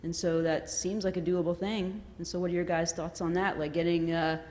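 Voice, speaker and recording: A woman's voice: lowish voice, flat delivery, brisk, a little mellow. A woman with a Southern US accent asking a panel a chatty, rambling question full of fillers. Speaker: audience questioner. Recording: reverberant hall.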